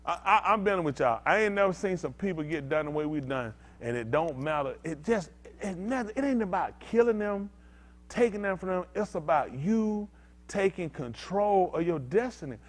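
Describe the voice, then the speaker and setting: Animated preaching man, lively pitch. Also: normal speed. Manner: animated, conversational, swings from loud to quiet. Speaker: pastor. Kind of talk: informal preaching to a congregation.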